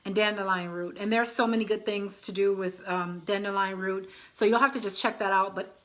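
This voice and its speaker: A woman's voice: mid-range voice, fairly even intonation, fairly quick, fairly bright tone. A woman in her thirties chatting casually to her viewers as a vlogger, often calling them y'all. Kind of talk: casual chat to camera.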